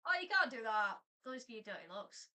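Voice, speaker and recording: A woman's voice: on the high side, very animated, a little fast, sharp tone. A woman with a British accent, chatting casually on a live stream and grumbling wryly about work and the weather. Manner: wry, grumbling banter. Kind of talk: casual chat.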